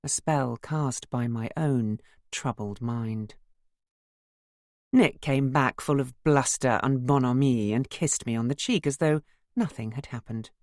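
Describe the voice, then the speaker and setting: A woman narrating a first-person novel as an audiobook, measured and wry. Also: a bass voice, a little mellow, no room sound, studio quality.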